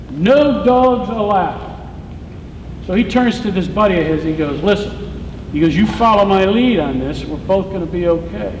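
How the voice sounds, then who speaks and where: A high-pitched male comedian spins out a joke as an animated storyteller. The voice comes through a roomy, echoey hall with a long reverb tail and a faint hiss behind it. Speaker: stand-up comedian. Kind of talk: stand-up joke telling. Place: theater stage.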